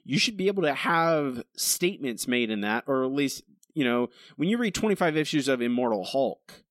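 A man's voice: mid-range voice, expressive, moderate pace, no echo, studio quality. A man co-hosting a casual podcast, ranting about a comic book with exasperation and mocking quoted voices. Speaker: podcast co-host reviewing comics. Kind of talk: casual chat.

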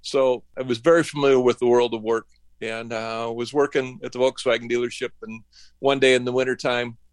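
A man's voice: medium pitch, flat delivery, brisk, no room sound. A middle-aged man from northern Michigan, an interview guest telling rambling, folksy stories about his working life and acting out the dialogue. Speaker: interview guest, woodworking business owner. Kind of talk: casual storytelling interview.

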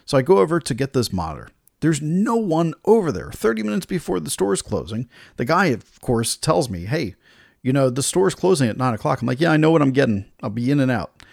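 Male podcast host, gravelly, lively delivery, dry close sound, exasperated storyteller. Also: mid-range voice, fairly quick, no echo. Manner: exasperated, retells dialogue in other voices. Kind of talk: casual storytelling rant.

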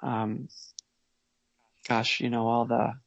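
A man telling his family's story as a podcast guest, earnest and measured, pausing and restarting as he reflects. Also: medium pitch, flat delivery, vocal fry, no room sound, dull audio. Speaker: guest, father.

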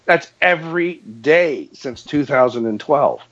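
A man's voice: fairly high pitch, unhurried. A man telling a long story in casual chat, acting out the dialogue and laughing often. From New England. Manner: animated, laughing storyteller who acts out the dialogue. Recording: muffled lo-fi sound.

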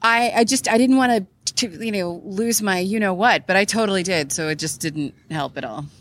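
A woman's voice: mid-range voice, a little fast, slight background noise. A woman co-hosting a podcast live at a convention, chatting eagerly with lots of fillers and giggles. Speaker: podcast co-host. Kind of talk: casual chat recorded live at a convention. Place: convention hall behind a curtain.

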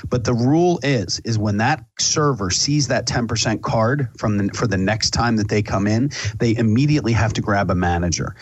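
A man's voice: lowish voice, normal speed, hardly any pauses, dry recording, lo-fi sound. A man co-hosting a casual chat, enthusiastic and restarting phrases.

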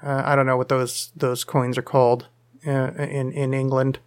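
A man with a mid-range voice speaks flatly at a moderate pace, hosting a casual solo live podcast from his home studio. He answers listener questions in a rambling, self-deprecating, jokey way, full of fillers, while leaning over to check his screen.

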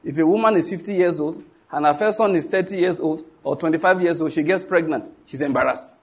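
Husky-voiced Nigerian preacher. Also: male voice, fairly high pitch, a little fast. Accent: Nigerian English. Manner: emphatic, asks the congregation to finish his sentences. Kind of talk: sermon.

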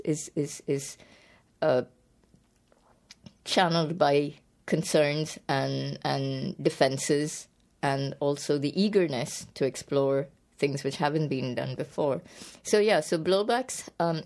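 A woman's voice: low-pitched, a little mellow. A woman poet being interviewed about her book, speaking thoughtfully with frequent restarts and fillers. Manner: hesitant, many restarts and fillers, laughs easily. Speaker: poet and author, interview guest.

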